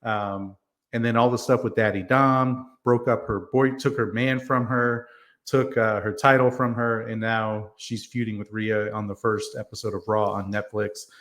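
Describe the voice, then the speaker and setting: A man with a fairly low, flat-sounding voice and a fairly bright tone co-hosts a wrestling podcast at a moderate pace. He chats casually but argues his picks earnestly, making his case with plenty of ums and you-knows.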